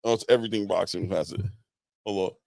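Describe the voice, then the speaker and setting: Excitable man host saying bro a lot. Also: low voice, fast, vocal fry, no echo. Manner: excitable, laughing, slangy, says "bro" a lot. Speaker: boxing podcast host. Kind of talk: casual chat.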